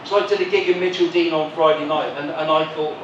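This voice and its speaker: A male stand-up host with flu works the crowd with cheeky, teasing banter at a live comedy venue. His voice sits high. The stage mic sounds distant in a very echoey room, with a lot of noise behind it. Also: fairly even intonation, fast talker, muffled recording. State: has flu. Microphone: stage microphone. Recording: echoey venue from far off, noisy.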